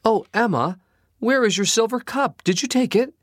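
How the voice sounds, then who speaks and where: A man voicing a kind, anxious young serving girl in a storybook reading, raising his voice high and pleading. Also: very animated, a little fast, a little mellow, breathy edge, no echo, studio quality. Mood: alarmed.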